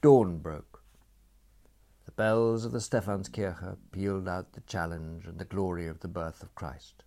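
A man narrating a novel in an audiobook, reading in a measured, expressive way with dry wit. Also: sits low, vocal fry.

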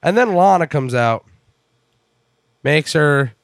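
A man's voice: fairly high pitch, expressive, slow pace, creaky, clean tone, dry recording, clean studio sound. A man co-hosting a wrestling podcast in casual chat, rambling and wry, with some swearing.

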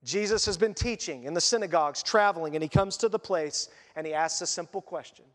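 A man's voice: a little high, fairly quick, fairly bright tone, long reverb tail. A man preaching a sermon, speaking emphatically and repeating his key phrases.

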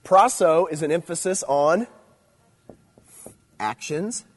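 A middle-aged man preaching to teenagers, swinging between loud emphasis and quiet asides. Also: on the high side, slow pace. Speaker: youth speaker. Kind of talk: sermon.

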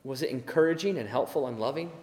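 A man's voice: mid-range voice, fast, a little mellow. A man preaching a sermon in an earnest, emphatic way, now and then acting out the voices he quotes. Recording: echoey hall with long reverb.

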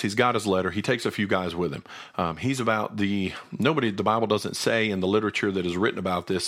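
A man's voice: on the low side, a bit bright. A man co-hosting a Bible study, earnestly explaining verses in a conversational way and thinking aloud. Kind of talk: conversational scripture teaching.

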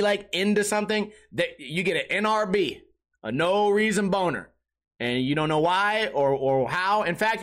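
A man's voice: sits high, a bit bright. A man hosting a comedy podcast, telling crude, profane stories in a rambling, restart-filled way. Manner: crude, profane storytelling with laughter. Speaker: podcast host and streamer. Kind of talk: comedic casual chat.

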